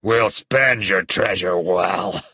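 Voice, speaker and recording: A menacing male crime boss speaks in a low, husky voice, read by a male narrator. He gives cold, unhurried commands. The recording is dry and close. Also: pushed and bright, no room sound, exaggerated voice.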